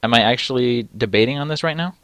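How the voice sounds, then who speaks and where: A man's voice: mid-range voice, fast talker, fairly bright tone, no room sound. A man reading a text adventure game aloud and adding dry, sarcastic asides. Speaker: let's play gamer.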